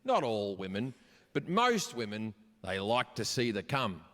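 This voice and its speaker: A man playing his elderly, blunt, old-fashioned father in a slow, matter-of-fact way, live on stage. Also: on the low side, huge pitch swings, pitched below the performer's own voice. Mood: earnest. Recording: live stage audio, reverb, crowd noise.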